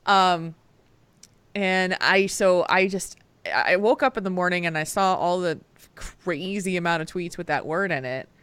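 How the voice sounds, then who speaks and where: A woman co-hosting a casual podcast, chatty and quick to laugh, stressed and irritable, telling stories with lively quoted asides. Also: fairly low pitch, clear, resonant tone, no echo. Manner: chatty, laughs often, animated retellings. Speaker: podcast co-host. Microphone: headphones and home mic.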